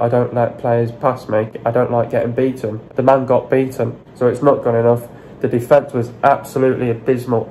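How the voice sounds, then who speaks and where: A man rants through a football breakdown in a mellow, low-toned voice that barely rises or falls. He is blunt and sweary, hammering the same complaints again and again. A faint hiss sits under the recording. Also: rough recording. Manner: frustrated, repetitive, blunt and sweary. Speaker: football fan vlogger. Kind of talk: ranting match analysis vlog.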